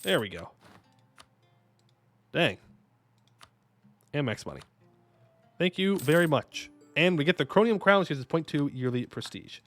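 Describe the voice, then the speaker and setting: A man streaming a strategy game, commenting casually and excitably, talking to himself and his chat with jokey asides. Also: fairly high pitch, measured pace, long pauses. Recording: faint music behind the voice.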